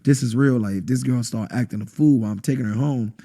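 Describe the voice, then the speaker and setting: A man, a podcast guest telling an intense personal testimony and acting out quotes with sudden high bursts. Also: fast, mellow. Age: adult, has a wife. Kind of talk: emotional testimony in conversation.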